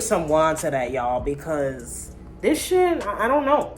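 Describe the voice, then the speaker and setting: A woman vlogger telling a casual storytime, blunt, profane and animated. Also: sits low, measured pace.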